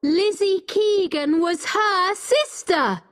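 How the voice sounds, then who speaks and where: A woman voicing a frantic young woman who makes accusations in a high, shrill, pleading voice. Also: slow pace. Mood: urgent. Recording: long hall reverb.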